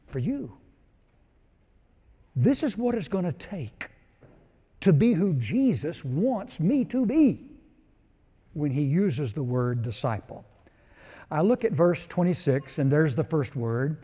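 A male pastor preaching a sermon, emphatic, swelling to loud declarations and then dropping low. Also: sing-song, a little slow. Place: church sanctuary. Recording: long reverb of a large hall.

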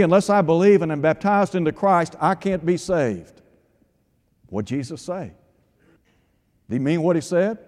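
A man's voice: on the high side, darkish tone. A man preaching a radio sermon with emphatic delivery, asking rhetorical questions and quoting scripture. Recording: long hall reverb.

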